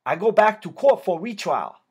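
A hardened male Vietnamese prison gang leader, voiced by a man reading an audiobook, speaking clipped, broken English with a heavy Vietnamese accent. The voice sits well above the narrator's own and carries a husky edge. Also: sits high, sing-song, normal speed, voice pushed up, full character voice. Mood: hopeful. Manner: broken English, called out loudly across a room.

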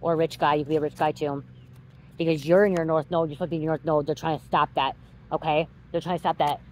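There's slight background noise and the recording quality is low as a woman with a lowish voice gives her viewers a psychic card reading. She hammers her points repeatedly, swears freely, and becomes heated as she goes.

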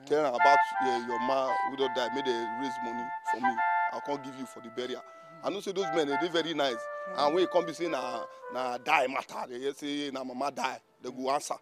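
A man's voice: mid-range voice, fairly even intonation, fairly quick, lightly acted. An actor playing a friend who consoles a grieving man, talking soothingly in Nigerian Pidgin over film music. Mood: consoling. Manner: soothing, persuasive Pidgin talk. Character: older friend consoling, steady male elder. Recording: film soundtrack with loud music.

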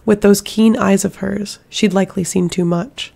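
A woman reading a fantasy audiobook aloud in a measured, dramatic way. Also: mid-range voice, fairly even intonation, vocal fry, warm tone. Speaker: audiobook narrator. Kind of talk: audiobook narration.

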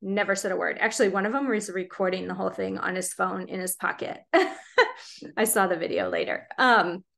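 A woman's voice: medium pitch, normal speed, creaky, fairly bright tone. A woman in her forties, a mother of teenagers, telling a rambling story casually to her viewers. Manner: chatty, rambling, filler-heavy.

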